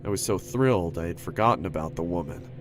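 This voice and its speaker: Low-voiced man narrating a horror story. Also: fast. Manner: steady first-person storytelling. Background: music.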